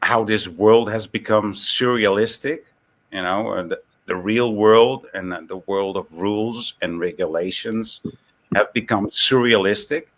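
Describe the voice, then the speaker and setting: A man's voice: fairly low pitch, a little slow, a bit bright. A man with a Dutch accent talking casually on a call-in stream, rambling and restarting his sentences. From Netherlands. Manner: rambling, repeats words and restarts.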